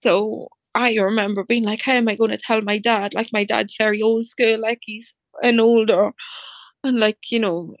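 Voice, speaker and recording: Woman telling her story, pretty flat delivery, lots of "like", acts out the dialogue, dry close sound. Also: a little high, normal speed, dry recording. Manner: chatty, acts out reported dialogue, many fillers like "like". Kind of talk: personal storytelling.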